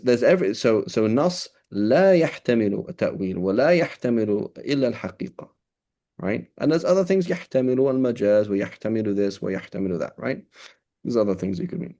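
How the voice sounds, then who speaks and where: Low-voiced man lecturing, checking "right?". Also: mellow. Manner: explains in a loose, conversational way with many "right?" checks and repeated restarts; switches between English and quoted Arabic terms. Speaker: teacher. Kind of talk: classroom lecture.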